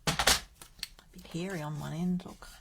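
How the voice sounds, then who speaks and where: Chatty woman crafting live, gravelly low voice. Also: fairly even intonation, moderate pace, heavy background noise. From Australia. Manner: chatty, thinks aloud while crafting. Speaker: card-making host. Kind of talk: live crafting stream chat.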